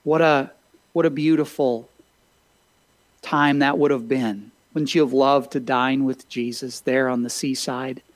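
A man's voice: medium pitch, dry recording, low-quality recording. A man pastor preaching a sermon, reading scripture and asking listeners rhetorical questions, with frequent "uh" fillers.

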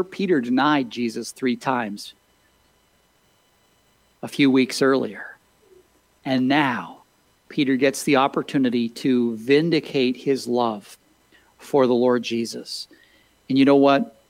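A man's voice: mid-range voice, no echo, poor audio. A man pastor preaching a sermon, reading scripture and asking listeners rhetorical questions, with frequent "uh" fillers.

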